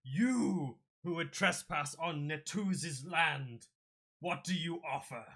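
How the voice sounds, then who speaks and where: A man voicing a hungry male manticore in a tabletop game, bellowing slow threats. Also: mid-range voice, gravelly, bright, forceful tone, pitched above the performer's own voice, full character voice. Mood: menacing.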